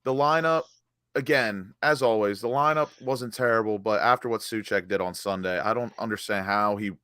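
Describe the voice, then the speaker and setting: A man's voice: fairly low pitch, moderate pace, sharp tone, smooth, dry recording, studio quality. A man co-hosting a fan channel, frustrated and swearing as he picks apart the team's play. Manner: frustrated, swearing, restarts his sentences. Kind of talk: angry post-match fan chat.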